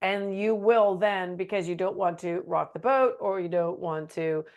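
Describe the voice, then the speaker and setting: Lively woman teaching a webinar. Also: lowish voice, measured pace. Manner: animated, acts out quoted phrases in a meek voice. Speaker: webinar presenter.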